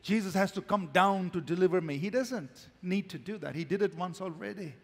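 A male pastor preaching a sermon, swinging from emphatic, loud declarations to hushed, quiet lines. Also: sits high, a little fast, long reverb tail.

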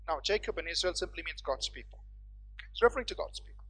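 A preacher delivering a sermon, calling on the congregation to respond and swinging between loud proclaiming and hushed, low asides. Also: lively intonation, fast, husky, soft background music.

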